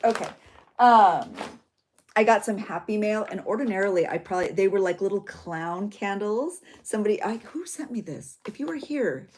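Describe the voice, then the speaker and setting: A woman's voice: mid-range voice, expressive, normal speed, darkish tone, slight background noise. A woman hosting a chatty crafting livestream, talking to her viewers as she works on a journal. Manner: bubbly, talks to viewers while working. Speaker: journaling channel host.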